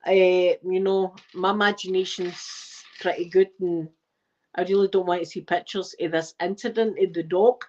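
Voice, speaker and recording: Here the Scottish host, a woman in her forties running an ASMR livestream, speaks in a lowish voice at normal speed while rambling through animated stories and dropping the odd curse. The highs are cut off, and there's slight background noise.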